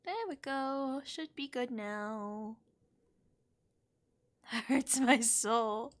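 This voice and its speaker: A woman's voice: fairly high pitch, fairly even intonation, extremely slow. A woman streaming a game live, chatting and giggling as she reacts to chat.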